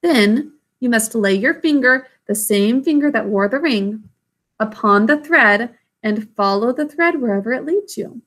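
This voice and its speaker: A woman voicing a gentle, wise old grandmother who speaks in a calm, measured way. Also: fairly high pitch.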